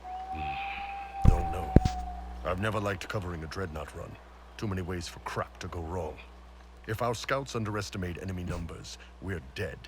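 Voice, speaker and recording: A man's voice: low voice, wildly swooping pitch, normal speed, background noise. An actor playing a blunt, wry male mercenary warrior in a video game. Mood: wary.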